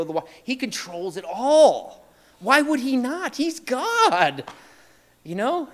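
A male pastor preaches in a relaxed, conversational way, retelling scripture in everyday language. His voice sits a little high for a man, and he keeps checking in with his listeners. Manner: conversational, often adding "right?"; retells scripture with lively paraphrase. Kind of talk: sermon.

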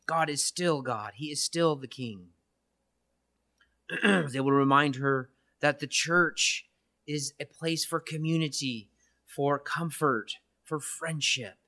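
A church minister with a slightly high, sharp-toned voice delivers an earnest, reflective testimony in sermon style, taking it slowly. He often checks in with his listeners by asking "right?"

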